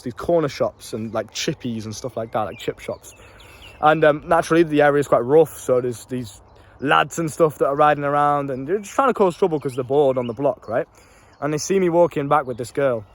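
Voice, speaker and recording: A young man with a British accent, telling stories to camera in a casual way, swearing freely and using street slang. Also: fairly high pitch. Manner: brash, laughs at his own stories. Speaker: life coach.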